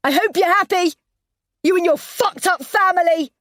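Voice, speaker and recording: A woman's voice: extremely high pitch, normal speed, a bit bright, dry recording, studio quality, pitched above the performer's own voice. A woman voicing a frantic young mother, shrieking and sobbing. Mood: panicked screaming.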